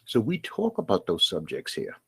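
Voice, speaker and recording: A middle-aged man with a Brooklyn accent delivers a solo podcast monologue in a lowish voice. He talks bluntly and with emphasis, stacking repeated phrases to drive each point home. The recording is close and dry, with no room sound. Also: huge pitch swings, normal speed, vocal fry, breathy edge, dry recording. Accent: Brooklyn New York. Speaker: podcast host.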